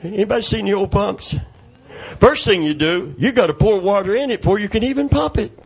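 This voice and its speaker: A middle-aged man preaching a sermon, calling out to the congregation and breaking into loud shouts as he tells stories. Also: high-pitched, lively intonation, a little fast, slightly rough. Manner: call-and-response preaching, calls for amen, storytelling, sudden shouts.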